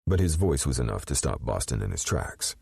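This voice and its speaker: A man narrating an audiobook in a measured, expressive storytelling manner. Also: very deep voice, creaky, husky, no echo, clean studio sound.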